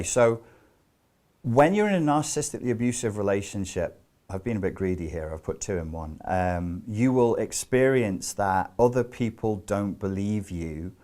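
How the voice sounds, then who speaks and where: A man's voice: fairly low pitch, unhurried, a little mellow. A man giving a spoken self-help lecture, emphatic and explanatory, with rhetorical questions and loose conversational asides.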